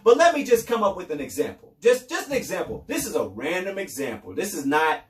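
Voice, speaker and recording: A man's voice: high-pitched, roomy sound, recorded from a distance. A man hosting a podcast, giving casual commentary in a loose, repetitive way with sarcastic asides. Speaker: podcast host.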